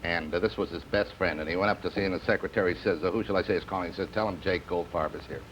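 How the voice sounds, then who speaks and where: A man's voice: low-pitched, rapid-fire. A man telling a long joke at a comedy round table, acting out each man's lines in turn. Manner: relaxed storyteller, acts out both men in the joke. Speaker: comedian guest. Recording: dull old TV recording with faint hiss.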